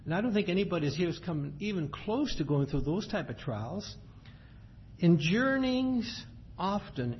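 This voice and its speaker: A man's voice: high voice, slight background noise. Man preaching, reading scripture aloud. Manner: reads verses in measured cadence, then explains plainly. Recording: dull lo-fi sound, faint ambience.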